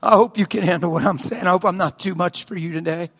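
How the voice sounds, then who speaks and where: A man preaching a passionate sermon, telling stories, swinging between loud bursts and hushed lines. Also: high-pitched, fast talker, slightly rough.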